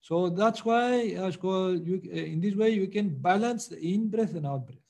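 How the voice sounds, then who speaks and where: A man teaching meditation and answering students' questions, speaking patiently with many pauses and fillers. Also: high voice, creaky, darkish tone.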